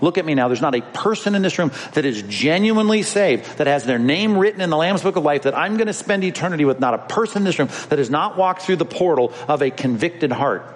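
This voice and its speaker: A man preaching a sermon in a church sanctuary, his voice sitting a little high. He talks conversationally and presses his points home, addressing the congregation directly. A long reverb trails each phrase through the room. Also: animated, quick pace, hardly any pauses. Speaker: pastor.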